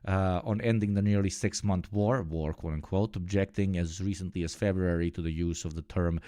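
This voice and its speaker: Deep-voiced man in sardonic stream commentary. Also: steady tone, normal speed, no echo, studio quality. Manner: sardonic, swears, swings from low mutter to loud outbursts. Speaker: political streamer reacting to news.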